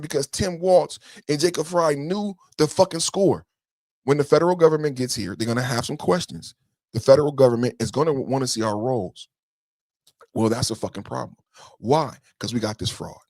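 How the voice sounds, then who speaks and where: A man's voice: a little high, darkish tone, dry recording. Heated, profane male podcast ranter. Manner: heated, profane, repeats rhetorical questions. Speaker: podcast host. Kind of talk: political reaction rant.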